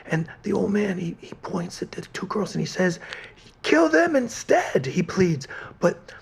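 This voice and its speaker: A man in a game role reading a fairy tale aloud as a gentle bedtime story. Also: on the high side, vocal fry, husky, heavily acted. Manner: gentle storytelling, softening at the end.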